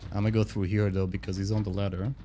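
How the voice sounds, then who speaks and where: A man's voice: on the low side, flat delivery, rapid-fire, mellow. A young man streaming a game, casually reacting and swearing as he talks through the match at his desk mic. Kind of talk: gameplay commentary.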